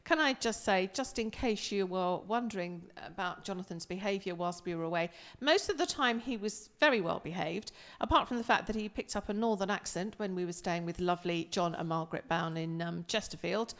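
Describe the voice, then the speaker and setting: A woman with a lowish voice co-hosts a live music stream, talking briskly with hardly any pauses in a big-room sound. Casual and warm-hearted, she teases and cheerfully chides her partner while sending happy greetings to viewers.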